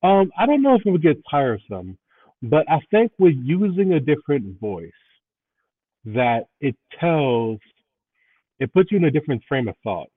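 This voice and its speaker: A man's voice: a little high, sing-song, moderate pace. A man co-hosting a casual movie review podcast, easygoing and thinking aloud as he talks. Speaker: podcast co-host. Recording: tinny phone-like line.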